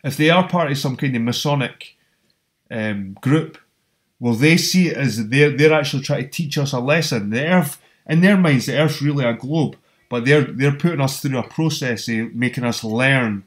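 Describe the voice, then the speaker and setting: A blunt, sweary man with a Scottish accent chats over a video call, his voice sitting at an ordinary middle pitch. He keeps calling his listener man and mate as he runs a loose online hangout. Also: moderate pace. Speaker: host. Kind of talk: casual online hangout chat. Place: council estate flat.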